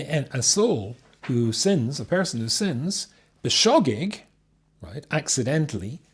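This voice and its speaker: A rabbi leads a text class before a small live audience. His slightly husky voice sits a little high and swings widely in pitch as he reads and explains. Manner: lively, reads Hebrew text then explains it. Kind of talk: animated Torah class.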